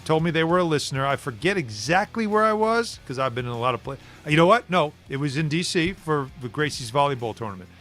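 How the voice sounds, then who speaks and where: A man's voice: on the high side, lively intonation, fast, hardly any pauses, fairly bright tone, faint music behind. A man co-hosting a sports radio show, chatty and telling anecdotes. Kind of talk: casual sports radio banter. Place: radio studio.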